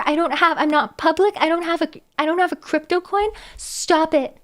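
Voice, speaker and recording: A woman live streamer chatting casually with her viewers, animated and exclamatory with a mock-exasperated edge. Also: very high-pitched, normal speed, hardly any pauses.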